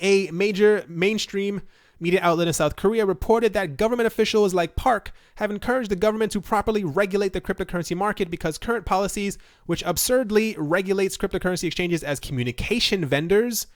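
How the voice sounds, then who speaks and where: A young man giving fast, rambling casual commentary on crypto news, full of fillers. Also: sits high, no echo, studio quality.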